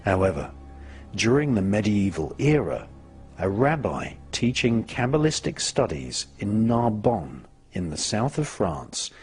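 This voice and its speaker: A man narrates a documentary in a lowish voice that rises and falls expressively. He speaks slowly and deliberately, letting each phrase drop at its end. Music plays clearly beneath the voice-over.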